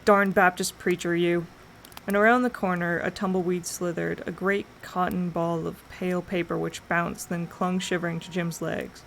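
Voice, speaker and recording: A woman streamer reading a novel aloud in slow, deliberate dramatic narration. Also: fairly low pitch, fairly even intonation, vocal fry, a little hiss or hum, rough recording. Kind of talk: audiobook narration.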